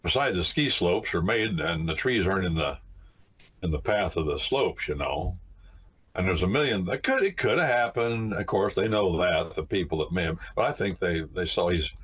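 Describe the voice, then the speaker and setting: A man from the United States lectures on civics in a loose, storytelling way. His voice sits very low and has a husky grain. He drives points home with repeated no's and folksy asides to his listeners. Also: expressive, moderate pace, a bit bright. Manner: emphatic, repeats "no, no, no" and addresses "my friends". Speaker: lawyer teaching a civics catechism. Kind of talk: informal lecture with anecdotes.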